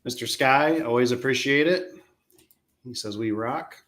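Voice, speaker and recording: A man's voice: medium pitch, a little slow, fairly bright tone. A man hosting a casual business live stream, easygoing and self-deprecating, often repeating his words.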